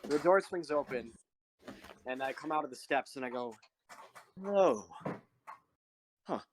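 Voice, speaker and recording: A man running a tabletop game as game master, slow and deliberate when speaking in character. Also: mid-range voice, slight background noise.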